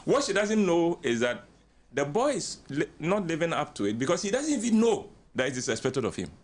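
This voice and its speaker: This older radio guest, whose English carries a Ghanaian accent, talks through counselling matters in a relaxed way. He narrates animatedly, imitates the voices he quotes and keeps chuckling, speaking a little fast on the high side.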